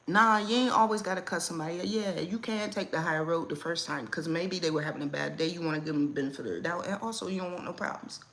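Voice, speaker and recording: Woman host, lower-pitched, blunt and animated casual livestream chat from home. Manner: blunt, animated, laughs often.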